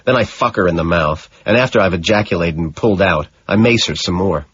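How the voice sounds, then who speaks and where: Husky, low-voiced male audiobook narrator. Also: a little fast, fairly bright tone, dry recording, lo-fi sound. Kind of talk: scripted narration.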